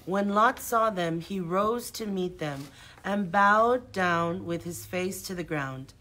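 A woman reading a Bible passage aloud in a careful, measured way. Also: fairly low pitch, pushed and bright, low-quality recording. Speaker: scripture reader.

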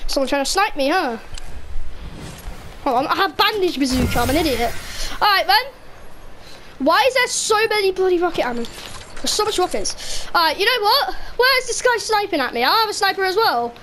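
A woman giving excitable, cheeky live commentary over a game she is playing. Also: extremely high pitch, brisk, slight background noise. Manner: excitable, cheeky banter with other players. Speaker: gaming video creator.

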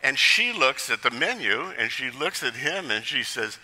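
A man's voice: mid-range voice, moderate pace, big-room sound. A male pastor preaching a sermon in a church, telling jokes and stories along the way. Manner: lively storytelling with jokes.

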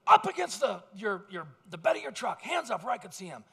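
A man acting out a stern male police officer who shouts commanding orders, with a long church reverb. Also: high voice, sing-song, quick pace, breathy edge, heavily acted.

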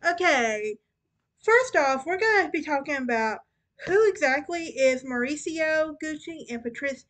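A woman's voice: high-pitched, lively intonation, unhurried, fairly bright tone. A young woman hosting a casual true crime podcast, chatty and often stumbling and restarting over names. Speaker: podcast host.

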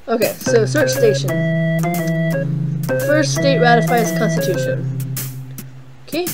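A woman's voice: fairly high pitch, big pitch swings, measured pace, over loud music, rough recording. A young woman hosting a casual game playthrough, rambling and self-deprecating with lots of fillers. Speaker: let's play host.

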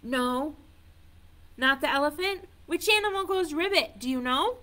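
Playful, lively woman reading to toddlers. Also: high-pitched, measured pace. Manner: playful, sing-song, coaxing audience to join in. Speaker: children's librarian. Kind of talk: reading a picture book aloud to toddlers.

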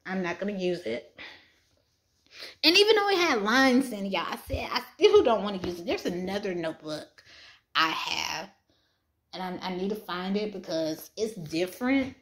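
A woman's voice: mid-range voice, lively intonation, moderate pace, a bit bright. Chatty woman talking to viewers. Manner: chatty, talks to viewers as y'all, frequent fillers and restarts. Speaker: Christian romance author vlogging. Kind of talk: casual chat. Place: bedroom at home.

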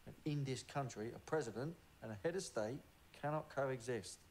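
An actor playing an earnest, agitated working-class man who pleads his case slowly and intently in a television drama. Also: medium pitch, a little mellow, slight background noise, lightly acted, low-quality recording. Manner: earnest, pleading, slows down for emphasis.

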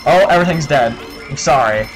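A man talking over a co-op game, quick and pushy as he directs his teammate toward the missing pieces. His voice swings widely up and down in ordinary conversation, with the game's music playing clearly behind him. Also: on the high side, lively intonation. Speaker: co-op gameplay commentator. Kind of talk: casual gameplay chat.

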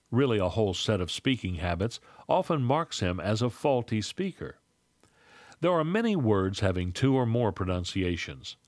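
A man reading a scripted lesson on public speaking in a measured, instructive way. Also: on the low side, dry recording.

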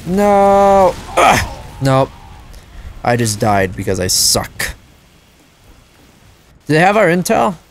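A man commenting over his own gameplay in an unhurried drawl, his slightly high voice leaping wildly up and down. He breaks into loud, frustrated yelps and swearing, then drops back to low grumbles. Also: slight background noise. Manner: excitable, swings into loud frustrated outbursts and swearing. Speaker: gaming channel host.

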